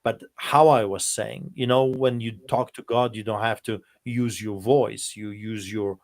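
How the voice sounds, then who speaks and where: A man's voice: fairly low pitch, steady tone, measured pace, darkish tone. Man telling an emotional personal testimony. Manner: emotional storytelling, speaking to his son. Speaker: pastor.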